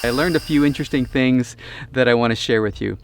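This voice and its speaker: A man hosting an RV do-it-yourself vlog, telling a story in a chatty, relaxed way. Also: medium pitch, quick pace, slight background noise. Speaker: RV DIY channel host.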